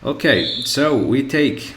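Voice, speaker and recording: A man teaching English word stress in a slow, repetitive lesson, often pausing with "okay" and "so". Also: medium pitch, animated, fairly bright tone. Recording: echoey room with faint ambient noise.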